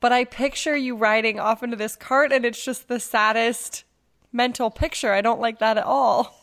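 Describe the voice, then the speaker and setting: A woman's voice: fairly high pitch, steady tone, normal speed, fairly bright tone. A woman interviewing a guest, asking prompting questions and responding sympathetically. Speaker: podcast interviewer.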